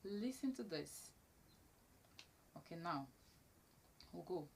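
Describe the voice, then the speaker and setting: A woman's voice: on the low side, animated, measured pace, slight background noise. A woman teaching elocution to camera, stressing key words and repeating her main points. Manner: emphatic, repeats key phrases. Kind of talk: instructional talk to camera.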